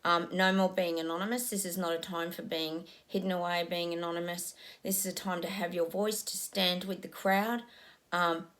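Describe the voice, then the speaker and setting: A woman talks through a psychic reading in a loose, unscripted way. Her voice sits fairly low, and she muses aloud with many ums as she describes images she says she is receiving. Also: little pitch movement, moderate pace, a bit bright. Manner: musing, frequent ums, describes visions as they come. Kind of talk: casual spoken psychic reading.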